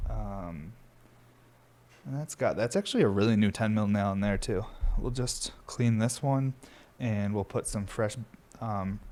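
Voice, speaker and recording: Hosting a casual stoner podcast, this young man drifts through relaxed, rambling talk peppered with swearing. His voice is on the low side and a little mellow.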